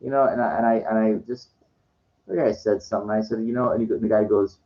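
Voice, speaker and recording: A man's voice: lowish voice, fairly even intonation, fast talker, mellow. An older man telling a rambling, frustrated story in casual talk, swearing freely. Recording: dull lo-fi sound.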